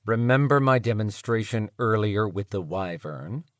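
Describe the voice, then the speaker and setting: A man voicing a smooth-voiced, mysterious male captor who speaks with calm condescension. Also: lowish voice, no room sound, clean studio sound, natural voice. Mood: cold. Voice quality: smooth, hushed. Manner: measured, condescending.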